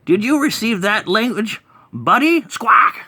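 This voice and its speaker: Squawking bird alien boss. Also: male voice, high voice, sing-song, a little slow, sharp tone, husky, dry recording, voice pushed up, exaggerated voice. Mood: taunting. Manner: squawks, taunting, profane. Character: squawking foul-mouthed bird alien mini boss, male.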